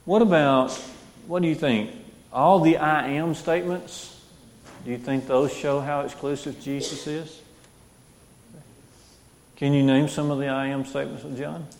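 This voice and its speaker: A man's voice: fairly high pitch, measured pace, vocal fry, long pauses, a little mellow, in a large hall. A man teaching a Bible class, reading scripture aloud and asking the group questions.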